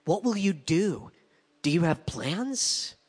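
A man's voice: sits high, very animated, slow pace, slightly rough, heavily acted. A man reading the lines of an anxious, loyal army commander who asks hesitant questions, in an echoey church hall.

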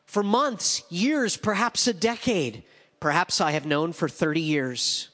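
A man's voice: on the high side, in a large hall. A weary old king, read by a man. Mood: resigned. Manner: quiet, measured. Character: weary aging king, calm and resigned.

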